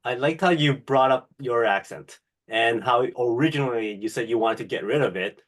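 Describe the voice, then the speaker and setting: A man hosting a podcast, asking thoughtful interview questions with some halting restarts. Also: mid-range voice. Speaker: podcast host.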